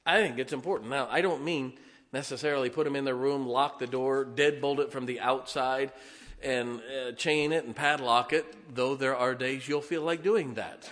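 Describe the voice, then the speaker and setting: A man in his forties preaching a folksy, humorous sermon, swinging between loud emphasis and soft asides. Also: mid-range voice, steady tone, moderate pace. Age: 40s. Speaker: pastor.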